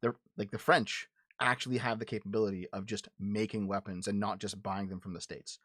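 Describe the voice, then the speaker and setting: A man's voice: lowish voice, level tone, a little fast, fairly bright tone, no echo, studio quality. Blunt, profane man ranting on a livestream. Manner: repeats and restarts words when heated. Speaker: livestream show host. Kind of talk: casual political commentary answering chat.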